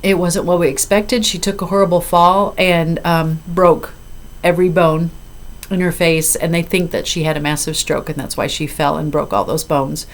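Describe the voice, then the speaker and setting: Brief: fifties woman, slightly low voice, chatty hobby vlogger, loose and apologetic. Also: steady tone, normal speed. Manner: rambling and apologetic, with filler. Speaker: cross-stitch vlogger. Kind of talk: casual chat to camera.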